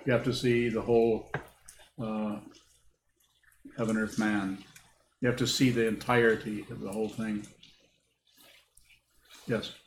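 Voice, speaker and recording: A man giving a dharma talk as a Buddhist teacher, answering questions in a halting, thoughtful way and repeating words as he rethinks. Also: on the low side, flat delivery. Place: meditation hall with a group. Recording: echoey room with faint hiss.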